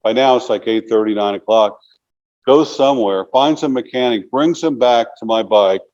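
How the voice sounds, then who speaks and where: A man's voice: mid-range voice, moderate pace, a little mellow, muffled recording. A man in his sixties, an interview guest telling long casual stories, rambling and filling them with "you know". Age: 60s.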